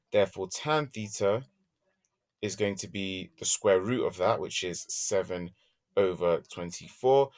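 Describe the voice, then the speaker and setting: A man with a fairly low voice teaches a maths lesson, working through examples step by step and thinking aloud, softly humming as he draws graphs.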